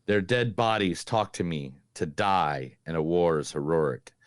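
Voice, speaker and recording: Man putting on a slow, deep demon voice. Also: lively intonation, no echo, clean studio sound. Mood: menacing. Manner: slow, low, ominous delivery. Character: menacing male demon taunting a priest. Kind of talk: reading film quotes in a put-on voice.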